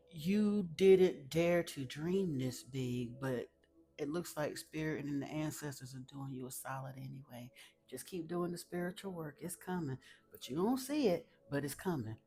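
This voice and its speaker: Emphatic woman giving a tarot reading. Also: low voice. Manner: emphatic, repeats phrases, gets teary, talks to viewers as y'all. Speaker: tarot reader. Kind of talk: spiritual card reading.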